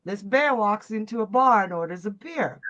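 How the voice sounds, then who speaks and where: Animated woman telling a bar joke. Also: mid-range voice, normal speed, lo-fi sound. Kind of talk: telling jokes on a live show.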